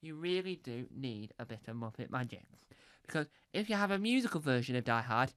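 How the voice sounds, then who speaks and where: A man's voice: mid-range voice, expressive, brisk, a bit bright, clean tone, dry recording, clean studio sound. A man doing a rambling, playful stand-up routine on a comedy club stage, with lots of fillers and restarts.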